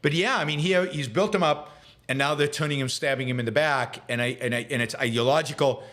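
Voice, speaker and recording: A man's voice: medium pitch, brisk, fairly bright tone. A man hosting a live show, answering viewer questions with opinionated commentary, full of fillers and repeated words. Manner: emphatic, rising into heated ranting; hesitant fillers and repeated words when reflecting.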